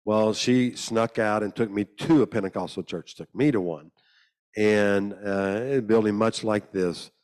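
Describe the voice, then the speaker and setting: A man's voice: fairly even intonation, measured pace, a little mellow. A man preaching a sermon as a storyteller, joking and acting out the people in his tales. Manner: humorous, acts out the people he quotes in higher voices. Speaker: guest preacher. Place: church hall.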